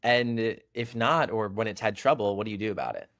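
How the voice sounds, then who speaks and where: A man with a general American accent hosting a podcast and asking relaxed, conversational questions. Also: on the low side, brisk. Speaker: podcast host. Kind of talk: podcast interview.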